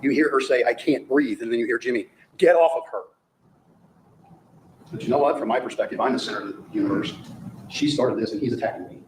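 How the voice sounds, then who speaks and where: In echoey courtroom audio with a faint noise floor, a medium-pitched male prosecutor races through his closing argument very fast. He's emphatic and rhetorical, often repeating phrases for effect.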